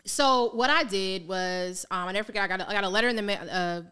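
A woman's voice: medium pitch, fast talker, clean tone. A woman from Maryland, a financial coach, telling her story in a candid, casual way with slang, acting out what people said. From Maryland, United States. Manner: animated, slangy, acts out quoted voices.

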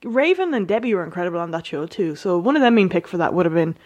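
A woman co-hosts a podcast, casually reviewing a wrestling show with wry, self-deprecating bluntness. Her voice is fairly low, sing-song, and darkish in tone, and she speaks at a quick pace. There's no room sound in the recording.

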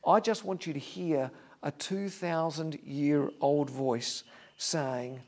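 A male pastor preaching an earnest sermon, dropping to a hush on key lines. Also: on the high side, steady tone, slow, vocal fry. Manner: standing before a congregation.

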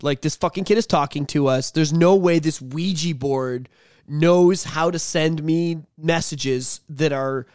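A man's voice: on the high side, measured pace, no echo, clean studio sound. Profane, rambling guy. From Canada. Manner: profane, animated, rambling with many fillers. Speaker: podcast host. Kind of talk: casual storytelling.

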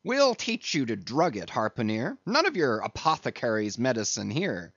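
A man reading an audiobook, voicing a brash, blustering sailor mate who mocks loudly and leaps up in pitch. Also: sing-song, slightly rough, no echo, dull audio, exaggerated voice. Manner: loud, mocking, fast-rising outbursts.

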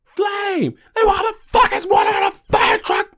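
A small preschool boy, shrill and squeaky, fires off outraged questions in a high, strained yell, as a grown man puts on the kid. He sounds sure he has outsmarted the whole class, and his voice cracks upward with indignation. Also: fairly even intonation, a little slow, exaggerated voice. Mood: indignant.

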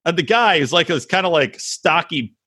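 A man co-hosting a casual comedy podcast, swearing a lot and acting out quotes in an animated way. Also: fairly high pitch, moderate pace, breathy edge. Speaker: podcast co-host. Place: recording room, west coast.

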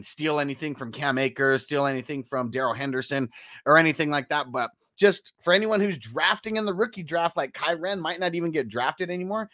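A man's voice: fairly high pitch, bright, forceful tone. A man hosting a casual sports talk show, loose and profane, laughing often between points. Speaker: podcast host.

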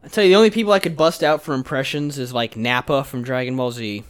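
A man's voice: mid-range voice, fast, smooth. A young man co-hosting a casual chat podcast, crude, joking and argumentative, a little drunk. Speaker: podcast co-host.

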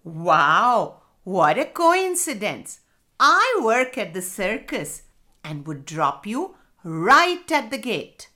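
A woman's voice: mid-range voice, big pitch swings, slow pace, bright, forceful tone, heavily acted. A woman voicing a polite, friendly coachman in a children's storybook. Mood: delighted. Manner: polite, cheerful.

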